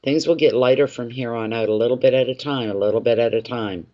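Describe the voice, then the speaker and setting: A man giving live tarot readings in a plainly pitched voice, talking straight to his viewers and circling back over his own phrases. The sound is dull and lo-fi. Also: fairly even intonation, fast talker. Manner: repeats phrases, speaks directly to viewers by name. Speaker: tarot reader.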